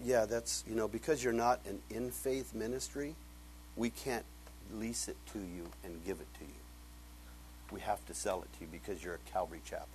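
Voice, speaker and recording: A middle-aged male pastor telling a story in a sermon, animated, acting out conversations and laughing often. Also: medium pitch, slightly rough, low-quality recording.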